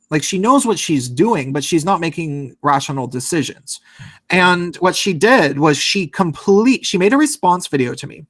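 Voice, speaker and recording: A man's voice: on the high side, no echo. A man telling a long, rambling story in casual podcast chat, full of fillers and swearing.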